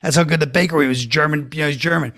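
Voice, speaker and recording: A man's voice: on the high side, fairly even intonation, rapid-fire, vocal fry, pushed and bright, no room sound. Wry storytelling man from Brooklyn. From Brooklyn, New York. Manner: rambling storyteller, dry and wry. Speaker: guest comedian. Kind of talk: casual podcast chat.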